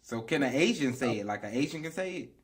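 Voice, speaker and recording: A man's voice: medium pitch, lively intonation, quick pace. A man on a discussion panel who keeps probing with questions.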